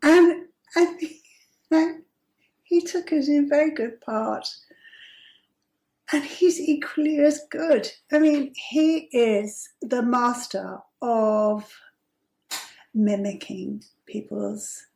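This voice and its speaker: A woman in her fifties telling a personal story as host, chatty and amused, with breathy asides. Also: sits high, warm tone, roomy sound. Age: 50s.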